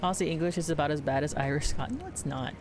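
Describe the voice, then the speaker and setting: A woman's voice: deep voice, lively intonation, quick pace, music in the background. A woman from the Philippines chatting casually as a streamer, rambling with restarts and laughs. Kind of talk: casual chat while gaming.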